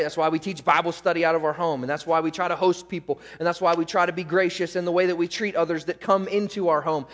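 A man preaching a sermon as pastor, pressing hard on key words and then dropping to quiet asides. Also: on the high side. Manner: emphatic, swings between loud stresses and quiet asides. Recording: long hall reverb.

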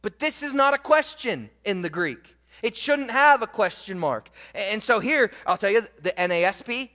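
A man preaching a sermon as pastor, moving between loud, emphatic proclaiming and quiet, low asides to the congregation. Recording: long reverb of a church hall.

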